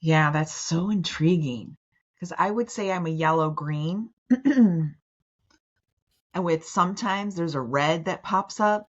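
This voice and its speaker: Low-voiced woman host, dull lo-fi sound. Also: takes it slowly, long pauses, breathy edge. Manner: chatty, loose phrasing with many fillers. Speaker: podcast host and coach. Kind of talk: casual conversation.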